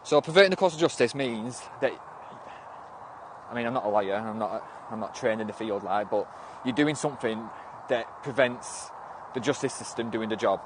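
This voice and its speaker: A man's voice: medium pitch, moderate pace, background noise. A young man from Northwest England with a Northern English accent, chatting loosely on a phone livestream, rambling with frequent restarts and swearing now and then. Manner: rambling, restarts often, swears and snaps back at commenters. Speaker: livestream host. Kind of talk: casual livestream chat, reading and answering viewer comments.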